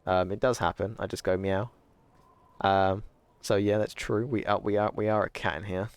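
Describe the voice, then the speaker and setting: A young man with a deep, smooth voice talks casually to his stream chat. He rambles and corrects himself as he goes, swearing freely. The sound is dry and close, with no room around it. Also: fairly even intonation, normal speed, no room sound.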